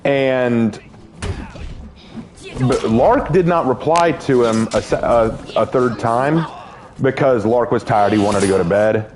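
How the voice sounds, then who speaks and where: A man's voice: medium pitch, takes it slowly, a little mellow. An American man telling a long story to his viewers while playing a game, earnest and rambling, often restarting his sentences. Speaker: gaming YouTuber.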